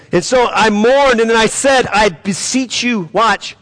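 At a measured pace with few pauses, a man with a slightly bright voice preaches as pastor and questions his congregation directly. Reading prayers aloud, he becomes more fervent, his pitch and volume climbing.

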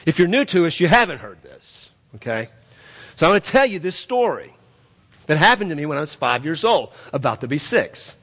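Male preacher, somewhat high voice, storytelling sermon, repetitive emphatic build-ups, long hall reverb. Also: very animated, a little fast, a bit bright. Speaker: pastor.

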